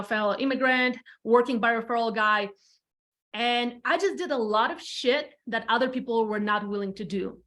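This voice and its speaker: A woman's voice: a little high, a bit bright. A woman in her thirties from Latvia with a Latvian accent, telling her story as a podcast guest in a frank, chatty way, swearing casually and repeating phrases for emphasis. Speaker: podcast guest, real estate team leader. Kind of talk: candid storytelling chat.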